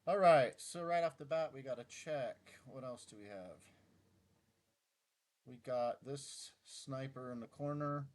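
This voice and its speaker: A man's voice: medium pitch, unhurried. A middle-aged man casually thinking aloud as he works through chess puzzles, muttering move by move and teasing himself when he slips. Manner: mutters through moves, self-deprecating outbursts. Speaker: chess YouTuber solving puzzles.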